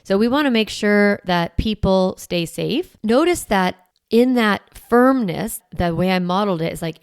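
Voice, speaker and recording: Woman parenting coach for a podcast, direct and practical, gravelly edge, dry close sound. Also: mid-range voice, expressive, unhurried, no room sound. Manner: warm, direct coaching, acting out parent lines in a firm strong voice. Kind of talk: podcast advice talk.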